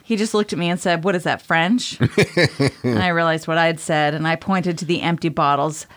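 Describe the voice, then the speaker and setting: A woman co-hosting a podcast, telling listener stories in an animated way with frequent laughs. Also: sits low, normal speed. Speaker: podcast co-host. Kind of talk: casual chat, storytelling.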